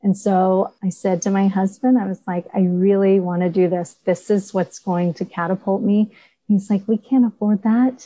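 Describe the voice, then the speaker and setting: A woman artist on a video coaching call, telling her story in an earnest, animated way. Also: medium pitch, moderate pace, no echo, low-quality recording.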